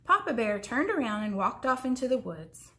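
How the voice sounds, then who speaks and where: A woman reading a children's story aloud in an expressive way, slowing down for suspense. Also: a little high, a little hiss or hum. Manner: expressive, slows down for suspense, sometimes drops to a whisper.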